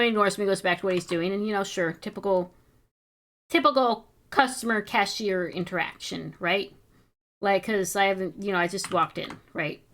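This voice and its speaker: A woman's voice: lowish voice, a bit bright. A young woman streamer chatting casually while she draws, telling a story with chatty indignation and some swearing.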